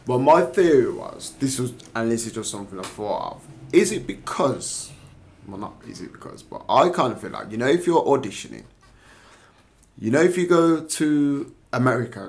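A man's voice: mid-range voice, very animated, fairly quick, a little mellow. Male podcast host, earnest and explanatory, casual chat. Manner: explains his theories at length, earnest.

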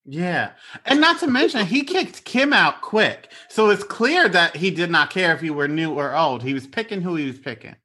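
Bright, lively podcast host. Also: medium pitch, normal speed, few pauses, husky. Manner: wraps up segments, asks cohost for final thoughts, laughs often. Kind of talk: casual chat.

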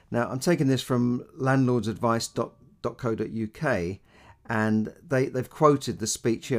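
A man hosting a money podcast as a landlord, talking in an emphatic, indignant way. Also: medium pitch. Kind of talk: casual podcast commentary.

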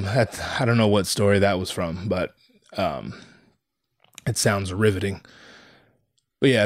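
A man in his thirties talking casually, rambling through stories with heavy swearing and animated asides. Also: on the low side, no room sound, studio quality. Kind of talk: casual profane monologue.

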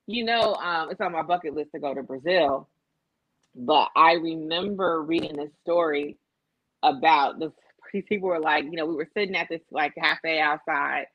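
A woman's voice: low-pitched, moderate pace, dry recording, highs cut off. A woman co-hosting a casual podcast, telling a gossip story with lots of profanity, quoted voices and laughter. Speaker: podcast co-host.

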